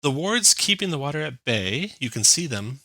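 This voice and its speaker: Guy playing a polite tiefling lady scholar, pitched up, super bright, dry. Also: very animated, moderate pace, no room sound, exaggerated voice, rough recording. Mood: earnest. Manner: formal, courteous. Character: poised female tiefling expedition scholar.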